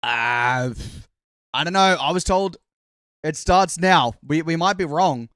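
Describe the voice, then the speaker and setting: Young Aussie streamer, slightly high voice, rambling and self-interrupting, dry close mic. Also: male voice, takes it slowly, fairly bright tone, no echo. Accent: Australian. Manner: chatty, rambling, self-interrupting, teasing the chat. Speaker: livestream host. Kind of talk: casual live-stream chat.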